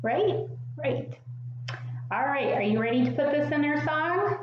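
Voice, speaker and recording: A woman's voice: sits high, expressive, measured pace, long pauses, heavy reverb, dull audio, slight background noise. A woman hosting a preschool sing-along, singing and making playful animal sounds while she asks young viewers questions.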